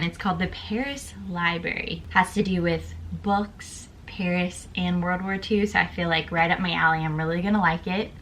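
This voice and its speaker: A young woman talking casually to camera as a flight attendant, chatty and excitable, with lots of "like" and "literally". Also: fairly low pitch, slight background noise. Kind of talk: casual vlog chat.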